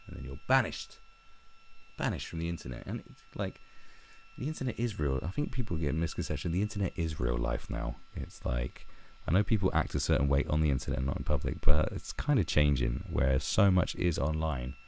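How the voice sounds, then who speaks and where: A man's voice: very deep voice, animated, brisk, creaky, a little mellow, a little hiss or hum. A man giving a profane, mocking, rambling commentary as the host of his own vlog. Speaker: online commentator.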